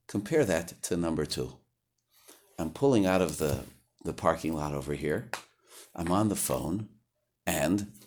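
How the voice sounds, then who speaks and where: Man, lower register, relaxed Torah lecture; stumbles and restarts, heats up on quoted lines. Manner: conversational, searching for words, rises sharply when acting out quotes. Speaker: rabbi teaching Torah.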